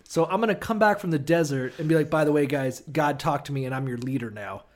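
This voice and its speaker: A man co-hosting a comedy podcast, joking irreverently and swearing freely in casual banter. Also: a little high. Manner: profane, irreverent, quick to laugh. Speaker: podcast co-host.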